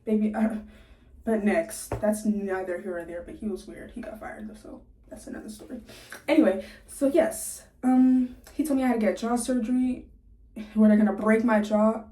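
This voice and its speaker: A woman's voice: medium pitch, normal speed, warm tone, recorded from a distance. A nineteen-year-old woman telling a story casually to her viewers, chatty and laughing often, with a sore jaw from recent surgery. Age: young adult, 19. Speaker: vlogger. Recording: echoey room.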